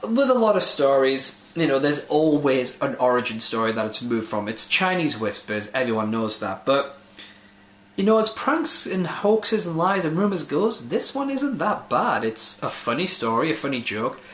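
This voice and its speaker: A man's voice: medium pitch, big pitch swings, moderate pace, fairly bright tone. A man hosting a casual online video, sardonic and swearing freely as he comments, in an echoey room. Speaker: host.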